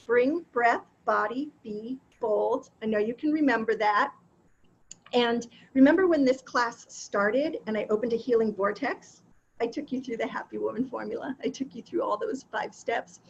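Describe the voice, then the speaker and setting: An encouraging woman coach leads an online class with a bright, chatty delivery and laughs now and then. Her voice sits a little high. The recording is dull and lo-fi, with faint noise behind her. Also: moderate pace, gravelly. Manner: warm, encouraging, laughs often. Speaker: wellness coach.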